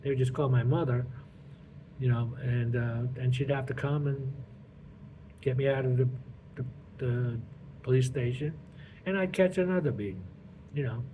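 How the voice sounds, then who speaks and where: A middle-aged man gives his testimony as a pastor. He talks haltingly, stumbling over repeated words and leaning on "you know". His voice comes through a thin, phone-like line with clear hiss behind it. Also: medium pitch. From Brooklyn, New York. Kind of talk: personal testimony.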